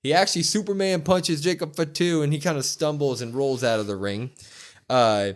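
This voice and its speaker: A man co-hosting a podcast, excitedly retelling a show and acting out the quotes. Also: fairly high pitch, moderate pace. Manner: animated storytelling, acts out quotes with loud whoops. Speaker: wrestling podcast co-host. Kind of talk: excited casual recap.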